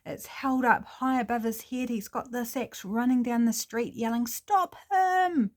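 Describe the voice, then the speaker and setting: A woman's voice: a little high, level tone, moderate pace, darkish tone. A woman with a New Zealand accent casually improvising a story, chatty with fillers and self-corrections.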